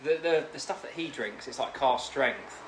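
A man's voice: mid-range voice, normal speed, reverberant, noisy background. A man joining a casual podcast chat with friends, in laid-back banter. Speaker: podcast guest.

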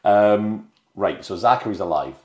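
A man's voice: lowish voice, lively intonation, measured pace. A man co-hosting a podcast, chatting casually about a film and retelling scenes with lots of restarts. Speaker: podcast co-host. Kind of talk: casual film review chat. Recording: roomy echo.

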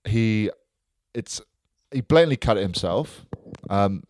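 A man's voice: on the low side, expressive, slow pace, a little mellow, no echo, clean studio sound. A man co-hosting a podcast in jokey, teasing casual banter. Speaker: podcast co-host.

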